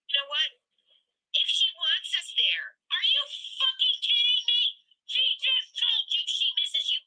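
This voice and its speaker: A woman's voice: extremely high pitch, sharp tone. A woman leaving a furious voicemail, swearing and mockingly quoting the listener over a tinny phone line. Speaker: voicemail caller. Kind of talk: angry voicemail rant.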